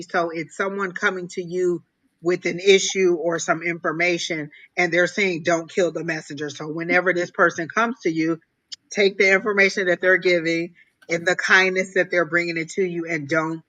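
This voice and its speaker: A woman's voice: fairly low pitch, bright, forceful tone, highs cut off. Thoughtful woman giving a tarot reading. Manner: measured, thoughtful, many pauses and ums. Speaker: tarot reader and co-host. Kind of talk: live-stream tarot reading.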